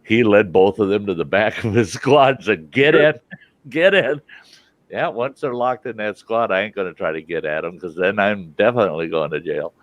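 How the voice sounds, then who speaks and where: A man's voice: on the low side, a little fast, few pauses, dry recording. A middle-aged man hosting a live stream, telling a long, profane story and acting out the other people's voices. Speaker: host. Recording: dull lo-fi stream audio.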